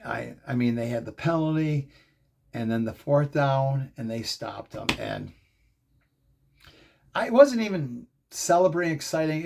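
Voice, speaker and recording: A middle-aged man hosting a fan show, telling a rambling, excitable story in casual commentary. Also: mid-range voice. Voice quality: gravelly, husky.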